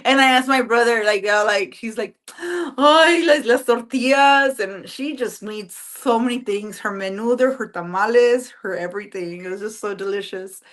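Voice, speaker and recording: A woman guest, singer and police officer, chatting casually, animated and full of fillers. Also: medium pitch, moderate pace, hardly any pauses. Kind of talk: casual interview chat.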